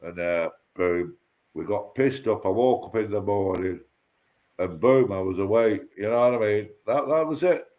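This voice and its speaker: A man's voice: fairly low pitch, moderate pace. Foul-mouthed man. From Lancashire. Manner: loud, profane ranting and storytelling. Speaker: livestream panel regular. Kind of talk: casual chat.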